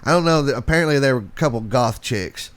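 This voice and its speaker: A man's voice: medium pitch, animated, quick pace. A man co-hosting a teachers' podcast, telling stories in a laid-back way full of fillers. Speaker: podcast co-host. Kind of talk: casual chat.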